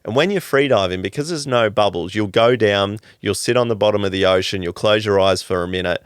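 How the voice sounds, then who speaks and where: A man, telling stories as a podcast guest in a lively, casual way, swearing freely and calling people "mate". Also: on the low side, brisk, clean tone, no echo, studio quality. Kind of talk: casual storytelling chat.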